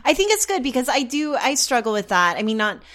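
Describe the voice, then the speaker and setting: A woman's voice: fairly high pitch, big pitch swings, a little fast, fairly bright tone. A woman co-hosting a podcast, talking casually and reflectively. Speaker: podcast co-host. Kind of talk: casual chat.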